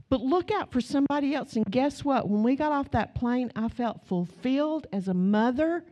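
A middle-aged woman pastor, preaching a sermon with stories, swinging from low asides to loud exclamations. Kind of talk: sermon with storytelling.

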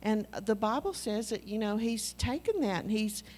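A woman's voice: medium pitch, lively intonation, moderate pace, a little mellow. A woman, preaching a sermon in an earnest, conversational way and telling personal stories.

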